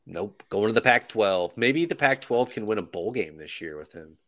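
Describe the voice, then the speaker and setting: A man's voice: lowish voice, lively intonation, normal speed, a bit bright. A man hosting a casual sports podcast in a laid-back way, steering the talk to the next topic.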